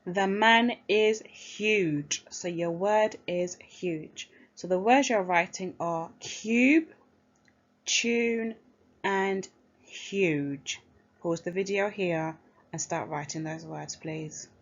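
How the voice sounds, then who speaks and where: A woman teacher giving a phonics lesson to young children, speaking clearly and encouragingly and sounding out each word. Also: lowish voice, very slow, highs cut off.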